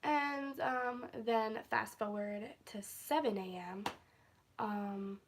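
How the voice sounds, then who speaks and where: A woman's voice: mid-range voice, steady tone, slow pace, slight background noise. Rambling young woman vlogging on her phone. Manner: rambling and easily sidetracked, laughs often. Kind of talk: casual storytime vlog. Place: at home, indoors.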